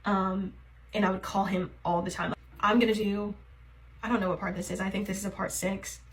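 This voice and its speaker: A woman's voice: mid-range voice, level tone, fairly quick, low-quality recording. A young woman telling a personal story in a confessional get-ready-with-me vlog, hesitant and full of fillers, emotionally raw. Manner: rambling and hesitant, heavy on fillers. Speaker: TikTok creator.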